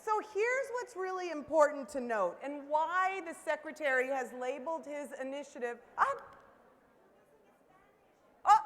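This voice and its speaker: A keynote speaker with a high, animated voice addresses a large conference hall at a moderate pace. Upbeat and interactive, she gets the audience calling out greetings, and the recording has long hall reverb.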